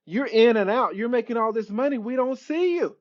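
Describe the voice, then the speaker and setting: A man's voice: very high-pitched, fairly quick, dull audio, voice pushed up. A man voicing an accusing teenage son. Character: resentful teenage son confronting father.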